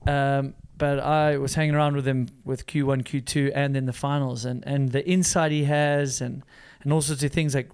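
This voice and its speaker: A man's voice: medium pitch, little pitch movement, moderate pace, hardly any pauses, a little mellow, clean tone. A man hosting a podcast in casual, enthusiastic chat, laughing often and restarting sentences. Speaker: podcast host.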